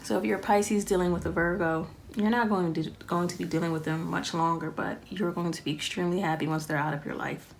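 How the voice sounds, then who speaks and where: Low-voiced woman reading tarot casually. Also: steady tone, quick pace, few pauses, slight background noise. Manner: rambling, thinking aloud with many ums. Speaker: tarot reader.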